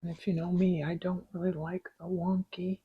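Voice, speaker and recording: A middle-aged woman hosting a relaxed embroidery tutorial from her craft desk at home, with soft, unhurried, chatty asides. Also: lowish voice, slightly rough, no echo, highs cut off. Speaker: embroidery video host. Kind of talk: relaxed stitching tutorial chat.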